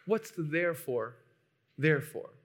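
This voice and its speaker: A man preaching a sermon, emphatic, moving between hushed lines and loud, urgent ones. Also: a little high, expressive, unhurried. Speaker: pastor.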